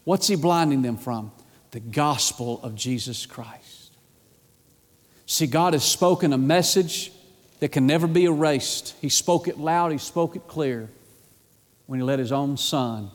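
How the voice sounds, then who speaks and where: High-voiced preaching man in a reverberant hall. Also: a little slow. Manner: impassioned preaching that swings from loud to hushed. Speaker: pastor. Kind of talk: sermon. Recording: long reverb of a large church hall.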